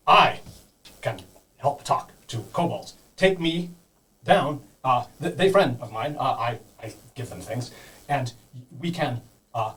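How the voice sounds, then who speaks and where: A man voicing a timid male kobold who speaks in halting, broken phrases, eager to please. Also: medium pitch, far from the mic, poor audio.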